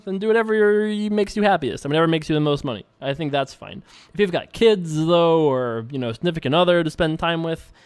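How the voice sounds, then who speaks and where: A man's voice: fairly high pitch, clear, resonant tone, no echo. A man casually commenting on his online poker hands and answering viewer emails, rambling and thinking aloud with a self-amused tone, from a room at home.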